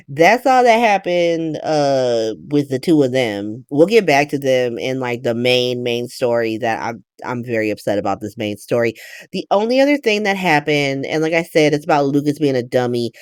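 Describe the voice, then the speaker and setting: A woman's voice: low voice, smooth, dry recording, clean studio sound. A woman hosting a podcast, recapping a soap opera in casual, profane, slangy chat. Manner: animated, profane, slangy, gossipy. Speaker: podcast host.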